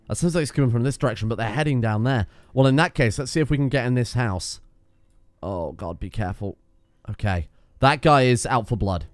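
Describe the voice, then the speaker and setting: A young man giving excitable, sweary let's-play commentary, talking to his game characters as he plays. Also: medium pitch, no echo. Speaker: gaming YouTuber.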